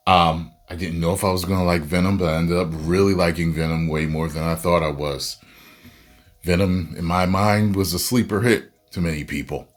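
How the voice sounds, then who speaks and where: In a casual video rant, a low-voiced man reviews a movie, staying animated and bursting into loud, exasperated outbursts.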